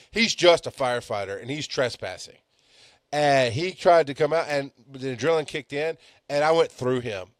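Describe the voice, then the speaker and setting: A male paramedic instructor gives a storytelling lecture in a middle-pitched voice. He talks bluntly, jumping from loud, stressed points to low, muttered asides. The sound is dry and close, with no room echo.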